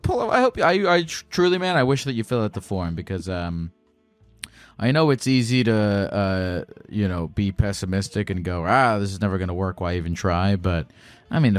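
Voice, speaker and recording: A man's voice: on the low side, no echo. A man hosting a call-in show, bantering with callers in a joking, crude way. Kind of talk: casual call-in chat.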